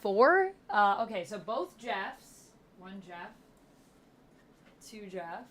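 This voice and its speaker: A woman's voice: medium pitch, big pitch swings, drawn-out words, a bit bright. A woman streaming live, chatting playfully with her viewers and counting out exercises aloud. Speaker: gaming livestreamer. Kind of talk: casual livestream chat with viewers.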